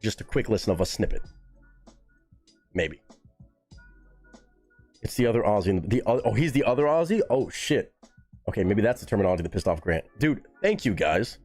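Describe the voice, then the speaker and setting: Animated, swearing male streamer. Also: fairly quick, pauses often, faint music behind. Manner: animated, swearing, jumps to high pitch when surprised. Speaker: livestream host reacting to music. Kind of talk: casual live-stream chat.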